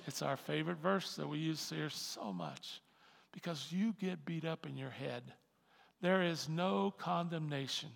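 A man preaching a sermon as pastor, with animated delivery that swings from quiet asides to shouted emphasis. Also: a little high, gravelly, in a large hall.

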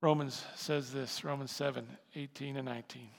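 A man preaching a sermon as pastor, impassioned and building to loud emphatic peaks. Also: mid-range voice, steady tone, normal speed, vocal fry. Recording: long hall reverb.

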